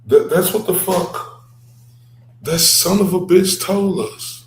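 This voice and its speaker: A man's voice: on the high side, big pitch swings, slow pace, vocal fry, long pauses, slight background noise. Furious cursing man, roomy sound. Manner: heated, cursing, repetitive. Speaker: host reacting to clips. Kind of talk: profane ranting reaction commentary. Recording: roomy echo.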